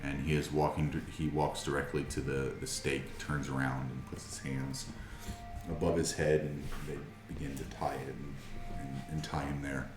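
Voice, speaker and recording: A man's voice: very deep voice, level tone, moderate pace, echoey room, over music. A man narrating a tabletop game as game master, with many hesitant fillers.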